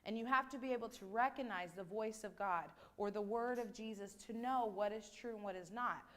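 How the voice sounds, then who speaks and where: A woman leading a children's message in church, asking gentle questions and closing in prayer. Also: medium pitch, brisk. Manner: gentle, conversational, asks questions. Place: church sanctuary.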